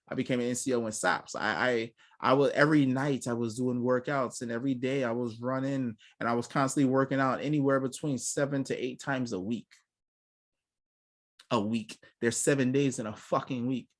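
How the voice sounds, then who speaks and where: A man's voice: medium pitch, fairly even intonation, moderate pace. A young man co-hosting a casual talk show, telling blunt, profane stories and acting out what others said. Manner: blunt, profane storytelling with acted-out quotes. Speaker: podcast co-host. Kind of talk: casual chat.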